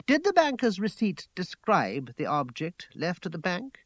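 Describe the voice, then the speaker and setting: A man's voice: wildly swooping pitch, measured pace, dry recording, full character voice. A man voicing a fierce, imperious young woman. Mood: challenging. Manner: higher, louder, emphatic delivery.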